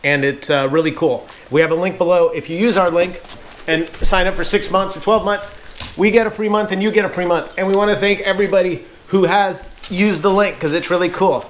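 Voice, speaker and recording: A man's voice: sits high, fairly even intonation, fairly quick, slight background noise. A man chatting casually while unboxing dog toys and treats, laughing often and cooing at his dogs. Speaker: co-host of an unboxing channel. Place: home with dogs.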